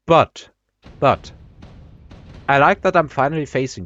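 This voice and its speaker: A man's voice: on the high side, animated, measured pace, long pauses, fairly bright tone, no echo, highs cut off, soft background music. A man giving rambling, self-deprecating commentary on his own strategy game match, full of fillers and restarts, talking with his mouth full. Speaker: gaming commentator. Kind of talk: casual gameplay commentary.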